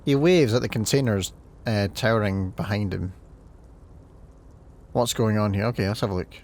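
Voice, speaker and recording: A man's voice: fairly low pitch, moderate pace, a little mellow, slight background noise. A man with a Scottish accent giving casual, chatty gameplay commentary and reading game text aloud. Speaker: let's play host.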